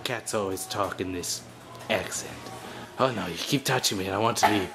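A low-voiced, bored house cat, as a man plays him talks in halting, broken phrases with a deadpan air. Music plays along behind him. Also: gravelly. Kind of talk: playful improvised voice.

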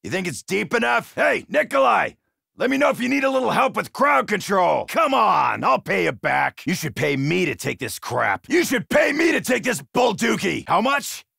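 Tank Dempsey, gravelly brash marine. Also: male voice, on the high side, very animated, normal speed, hardly any pauses, dry recording, studio quality, full character voice. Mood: gung-ho. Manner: brash, shouty wisecracking. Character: brash gruff male American marine, middle-aged, cocky and crude. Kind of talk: video game voice lines.

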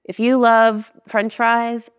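A woman's voice: on the high side, level tone, slow pace, clear, resonant tone, in a large hall, muffled recording. A woman dietitian from Alaska, chatting casually in an interview and explaining diet plainly, laughing easily. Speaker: dietitian and nutritionist guest.

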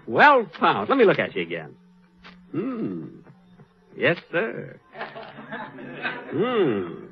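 A man's voice: fairly high pitch, huge pitch swings, very slow, long pauses, slightly rough, soft background music. A man hosting a 1940s radio comedy show, vain and easily flustered, sliding into mock indignation. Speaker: comedian host. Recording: dull old radio recording.

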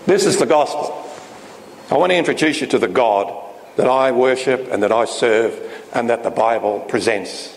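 A man's voice: mid-range voice, normal speed. A man preaching a sermon with emphatic delivery and frequent rhetorical questions. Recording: echoey hall with faint noise.

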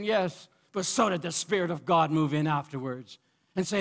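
High-voiced impassioned male preacher. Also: lively intonation, normal speed. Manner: impassioned, swings between loud cries and quiet asides. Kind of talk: sermon.

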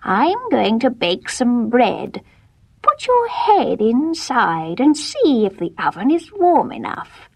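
Woman doing a shrill cackling old witch. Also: big pitch swings, slow, gravelly, slightly rough, no echo, heavily acted. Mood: sly coaxing. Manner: shrill and gloating, sly coaxing.

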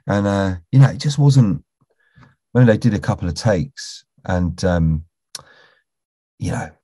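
Low, husky British actor telling stories. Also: male voice, mellow, dry recording. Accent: British English. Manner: rambling, with many restarts and "you know"s, drops to a near whisper when quoting. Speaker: actor interviewed as a guest. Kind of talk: casual anecdotal storytelling.

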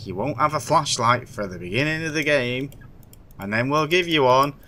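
A man narrating his own horror game session, muttering to himself between sudden startled yelps. His voice sits mid-range, with swearing and nervous running commentary. Clear noise and clicking run under the recording. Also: medium pitch, lively intonation, moderate pace, sharp tone. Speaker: gaming streamer.

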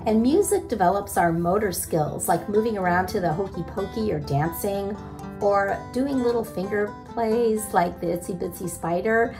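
A woman, a parent educator, gently teaching young children about music in a sing-song manner. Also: medium pitch, normal speed. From Missouri. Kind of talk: children's music lesson with singing.

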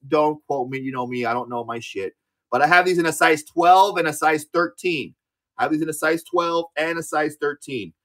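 A man in his thirties hosting a live-auction stream in casual chat, excitable, swearing freely and often repeating his words. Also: a little high. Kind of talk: casual livestream sales chat.

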